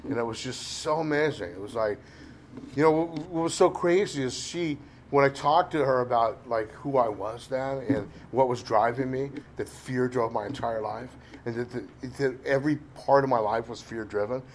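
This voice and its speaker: A man's voice: medium pitch, normal speed, slight background noise. Rambling middle-aged man sharing his story. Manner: rambling, self-deprecating, frequent "you know". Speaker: recovery speaker. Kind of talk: candid personal recovery talk.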